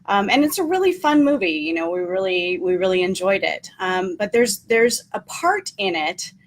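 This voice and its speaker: A woman's voice: medium pitch, animated, moderate pace, slight background noise. A woman hosting a casual live stream, talking in an earnest, encouraging way with frequent ums and repeated key points. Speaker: motivational host.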